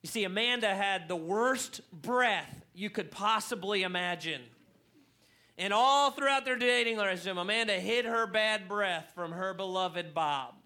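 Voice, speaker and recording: A man preaching a sermon to a church congregation, telling a funny story in an animated way and getting louder for emphasis. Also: high-pitched, unhurried. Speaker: pastor. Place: church hall.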